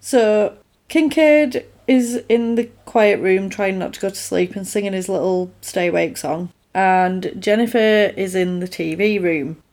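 A woman, recapping a film in casual chat and acting out the characters' lines. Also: mid-range voice. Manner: animated, acts out characters' lines in quick quotes. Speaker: film podcast co-host.

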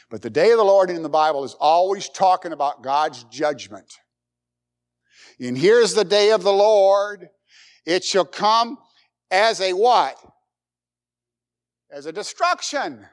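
A man's voice: sits high, animated, measured pace, pauses often. A middle-aged man preaching a sermon, emphatic, with rhetorical questions and folksy jokes. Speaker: pastor.

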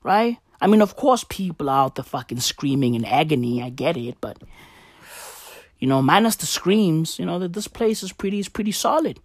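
Woman doing a chill dude Jesus: low, muted, casual, dry close sound. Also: lively intonation, moderate pace, darkish tone, dry recording. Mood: easygoing. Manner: low, muted, offhand drawl. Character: laid-back male Jesus, casual and unbothered.

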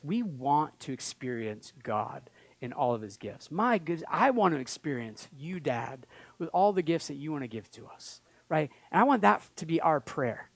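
A pastor giving a sermon in a casual, conversational way, acting out little dialogues and moving between quiet reflection and loud enthusiasm. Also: male voice, fairly high pitch, no room sound. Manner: conversational, acts out quoted dialogue, swings between soft and loud.

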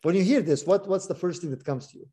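Man, Bible study teacher, reading scripture, emphatic, raised pitch, warm tone. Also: quick pace, slightly rough. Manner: animated, stressing words, many restarts.

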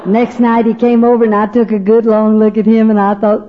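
An older Texan woman with a voice on the high side takes her time sharing her faith testimony, leaving long pauses. She's folksy, humorous, chatty and emotional, acting out others' voices, and the muffled recording has a little hiss or hum.

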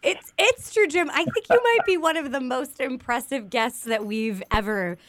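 A woman hosting a charity radio show, upbeat and quick to laugh as she introduces and questions a guest. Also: high-pitched, expressive, a bit bright, slight background noise. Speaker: radio host.

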